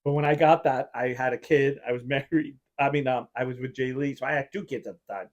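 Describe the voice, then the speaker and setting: Speaking quickly in a steady, medium-pitched tone, the man hosts a podcast, and the recording has its highs cut off. His rambling story is crammed with the filler "like" as he performs how he once reacted.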